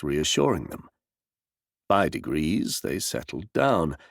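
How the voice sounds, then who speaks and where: Gravelly low-voiced male narrator. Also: no room sound, studio quality. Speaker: audiobook narrator. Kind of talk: scripted narration.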